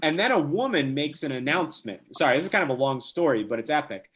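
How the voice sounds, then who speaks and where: A young man from New Jersey, a podcast guest telling a casual story with lively, quick restarts. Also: a little high. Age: young adult.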